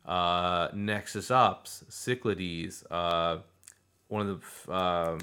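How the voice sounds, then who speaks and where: A young man with a lowish voice co-hosts a podcast in easygoing, excited chat. He talks in quick bursts, piling up fillers and restarts as he goes. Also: a little hiss or hum. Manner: animated, fast, lots of fillers. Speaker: podcast co-host. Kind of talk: casual chat.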